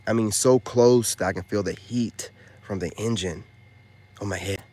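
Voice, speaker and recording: A man vlogging a casual story in a rambling, slangy way, dropping loud boasts and then hushed asides, full of filler phrases. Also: fairly low pitch, moderate pace.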